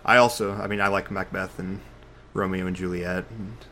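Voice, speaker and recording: A man's voice: low-pitched, little pitch movement, moderate pace, pushed and bright, slight background noise. A man co-hosting a podcast in casual chat, rambling with frequent restarts. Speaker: podcast co-host.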